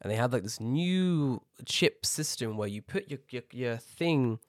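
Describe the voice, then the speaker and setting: A man telling an animated, heavily sworn rant about an airport in a casual chat, acting out the people he met. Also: medium pitch, unhurried, no room sound, studio quality. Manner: animated ranting, swears a lot, acts out people.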